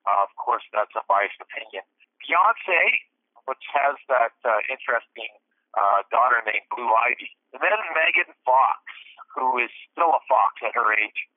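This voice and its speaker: A man's voice: medium pitch, lively intonation, a little slow, no echo. A man hosting a podcast, telling a casual story as a truck driver, rambling with lots of fillers and restarts. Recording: tinny phone-line sound.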